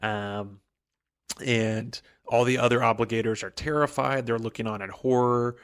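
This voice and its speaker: A man's voice: medium pitch, steady tone, moderate pace, smooth. A man co-hosting a podcast, recapping a book in a rambling, casual way with many fillers. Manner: rambling, lots of "like" and "um". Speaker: podcast co-host.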